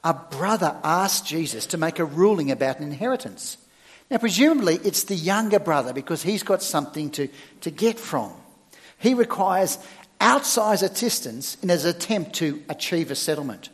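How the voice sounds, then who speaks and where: A middle-aged male minister delivering a sermon in a somewhat high voice. His pitch swings widely as he preaches, and he leans hard on key words with sudden loud stresses. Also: lively intonation, moderate pace, in a large hall. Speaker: church minister.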